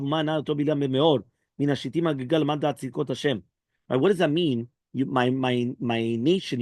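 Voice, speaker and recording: Animated man teaching Talmud, dry sound. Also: no echo. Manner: animated, mixes Hebrew and Aramaic phrases into English explanation; acts out dialogue with raised pitch. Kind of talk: Daf Yomi Talmud class.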